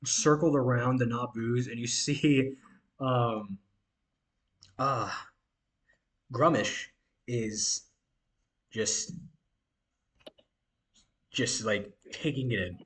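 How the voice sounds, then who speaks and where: A man's voice: medium pitch, steady tone, very slow, long pauses, a bit bright, husky. A man narrating a tabletop game as game master, casual and giggly with many fillers.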